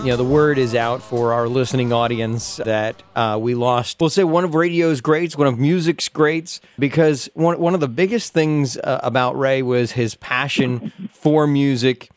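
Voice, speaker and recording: A man's voice: mid-range voice, moderate pace, few pauses, no room sound. A man hosting a radio show, talking casually and hesitantly with many fillers. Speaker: radio host.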